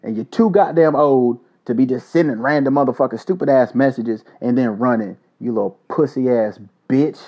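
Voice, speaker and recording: A man's voice: medium pitch, moderate pace, hardly any pauses. A man hosting his own podcast, telling a story in a heated, profane, casual rant. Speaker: podcast host. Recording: dull lo-fi recording.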